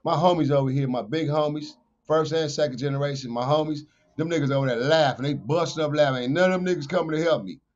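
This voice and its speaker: A man, a podcast guest telling a street story with profanity, acted-out dialogue and shouted sound effects. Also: a little high, fast talker. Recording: dull lo-fi podcast audio.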